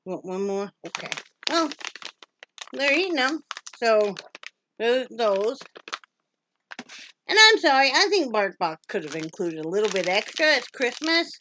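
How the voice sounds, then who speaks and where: A woman from Wyoming chatting casually while unboxing a dog subscription box, breaking off to scold and coo at her dogs. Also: medium pitch. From Wyoming, USA. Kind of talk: casual unboxing vlog chat. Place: home with dogs around. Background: dogs moving and making noise.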